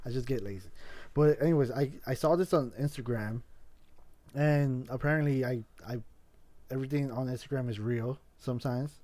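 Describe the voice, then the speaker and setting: A man's voice: mid-range voice, normal speed, mellow. A man hosting a casual podcast, telling a rambling story with lots of swearing and restarts. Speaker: podcast host.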